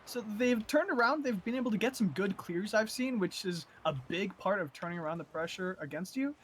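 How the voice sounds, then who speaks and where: A man's voice: sits high, expressive, brisk, fairly bright tone, slight background noise. Analytical male esports co-caster. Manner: analytical, many fillers and restarts. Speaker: color commentator.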